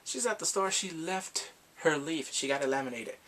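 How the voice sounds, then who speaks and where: Animated man recapping a drama. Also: a little high, moderate pace, slight background noise. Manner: animated, laughing, acting out characters' lines. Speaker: drama reviewer. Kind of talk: casual episode recap.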